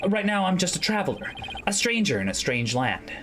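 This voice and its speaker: A woman's voice: on the low side, sing-song, a little fast. A woman voicing a cheerful young male lawyer on a trip abroad, reading game lines in a wide-eyed, chatty way. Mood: sheepish. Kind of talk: reading game dialogue aloud. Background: game music.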